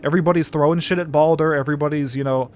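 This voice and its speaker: A man's voice: fairly high pitch, steady tone, racing, darkish tone, faint music behind. A young man streaming a game, casually retelling a myth with lots of swearing and self-corrections. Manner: rambling storyteller, swears freely, self-correcting. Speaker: gaming streamer. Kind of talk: casual livestream commentary.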